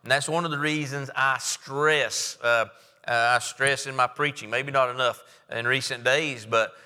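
A man preaching a sermon, reading scripture aloud and explaining it in a measured way with frequent "uh" fillers. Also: mid-range voice, fairly even intonation, bright, forceful tone, smooth, long reverb tail.

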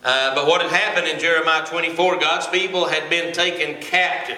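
A man in his forties preaching from a pulpit in a folksy, halting way, often pausing on filler sounds. His voice is very bright and ringing. It echoes through the church sanctuary with a long reverb tail. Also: on the high side, steady tone. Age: 40s. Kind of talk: sermon with a joke opener.

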